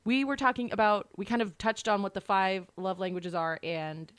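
A woman's voice: medium pitch, steady tone, moderate pace, fairly bright tone, clear, resonant tone, no echo, studio quality. A woman co-hosting a podcast in casual chat, talking in a chatty, rambling way. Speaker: podcast co-host.

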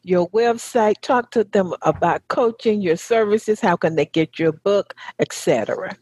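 A woman's voice: mid-range voice, measured pace, darkish tone, husky, no echo. Effusive Southern woman talk show host. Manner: effusive, encouraging. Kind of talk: casual interview chat.

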